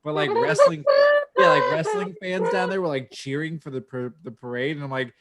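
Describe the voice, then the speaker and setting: A man's voice: on the high side, big pitch swings, moderate pace, a bit bright. A man co-hosting a podcast, telling stories in a rambling way, full of restarts and swearing. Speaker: podcast co-host. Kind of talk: casual podcast chat.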